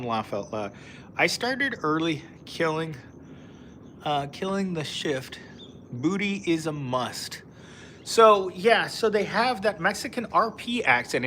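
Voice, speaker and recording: A man's voice: on the high side, pushed and bright, slight background noise. A man live-streaming outdoors, chatting casually with viewers and reading their comments, rambling with lots of fillers and frequent laughs. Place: outdoors in a park.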